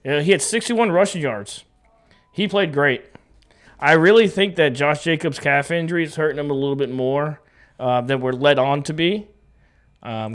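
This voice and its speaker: A man co-hosting a casual sports talk show, breaking down the week's games with upbeat energy. He jokes and banters easily with his co-host. His voice sits a bit higher than most men's. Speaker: podcast co-host.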